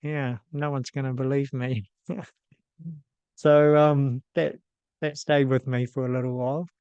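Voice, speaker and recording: NZ man in his 50s, host telling a personal story, steady flat delivery, lots of ums, dry close sound. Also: medium pitch, smooth, dry recording, highs cut off. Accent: New Zealand. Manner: casual and unhurried, with frequent ums and restarts.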